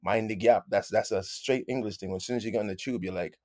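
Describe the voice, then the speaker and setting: A guest musician tells stories in a casual interview, his lowish voice fast and animated. He keeps circling back on his own phrases and says "man" a lot. The sound is dry and close, with no room sound.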